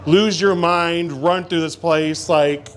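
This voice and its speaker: A man's voice: fairly high pitch, fairly even intonation, slow pace. A man vlogging his walk through a haunted attraction, jumpy and joking, out of breath. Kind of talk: casual commentary. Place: walking through a dark haunted house. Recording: loud background noise.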